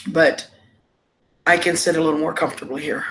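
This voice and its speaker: A woman's voice: low-pitched, steady tone, brisk, fairly bright tone. A woman hosting a casual live stream, congested and sniffly with a cough, greeting viewers with endearments over a laptop microphone.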